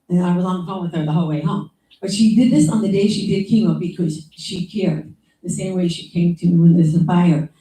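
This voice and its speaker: A woman's voice: lowish voice, fairly even intonation, fairly quick, dark tone. A woman giving informal memorial remarks as a younger sister, talking in a rambling, conversational way full of asides and quoted lines. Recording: echoey room from some distance.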